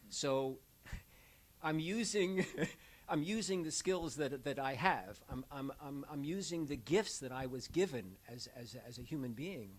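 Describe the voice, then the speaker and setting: A man's voice: a little high, unhurried, rough recording. An older man who works as an end-of-life doula, telling personal stories in a conversational way and acting out the voices of the people he quotes. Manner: animated storyteller, acts out quoted voices. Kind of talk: conversational storytelling. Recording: faint hiss.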